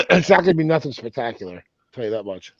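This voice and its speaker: Gravelly man on a dull lo-fi mic. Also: medium pitch, no echo. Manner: rambling, stumbles over words. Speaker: podcast co-host. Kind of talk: casual wrestling chat.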